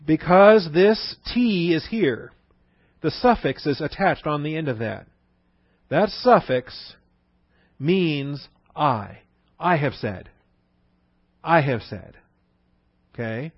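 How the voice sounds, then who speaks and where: A man teaching a Bible lesson in a conversational way, repeating phrases for emphasis and slowing down to spell out words. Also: fairly high pitch, animated, dry recording. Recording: dull, dry lo-fi recording.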